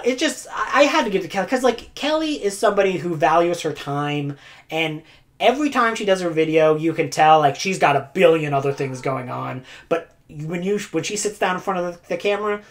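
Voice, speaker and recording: A woman's voice: fairly low pitch, lively intonation, brisk. A woman booktuber chatting casually to camera, rambling with lots of "like" fillers and frequent laughs. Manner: laughs often between phrases. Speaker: booktuber giving community awards.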